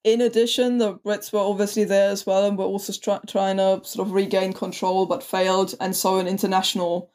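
A woman historian co-hosts a podcast, explaining history conversationally. She hesitates often, with ums and restarts, at a middle pitch. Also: little pitch movement, fairly quick, few pauses, a little mellow.

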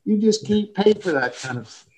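A man's voice: high voice, moderate pace, slight background noise. A man who coaches golf, telling stories in an interview and acting out the quoted dialogue. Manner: animated storyteller, acts out quoted dialogue. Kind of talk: storytelling in a podcast interview.

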